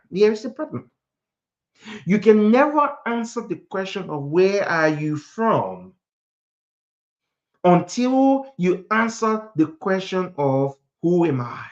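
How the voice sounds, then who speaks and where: A man's voice: high-pitched, muffled recording. A man from Liberia talking earnestly on a podcast, often repeating words while he searches for a phrase. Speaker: podcast host. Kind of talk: reflective podcast talk.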